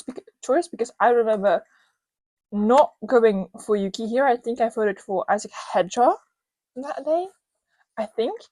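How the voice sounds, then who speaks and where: A young woman hosting her own podcast, ranting casually with lots of fillers and quick restarts. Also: on the high side, dry recording. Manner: animated, rambling, many "like" fillers. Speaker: podcast host. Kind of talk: solo podcast rant.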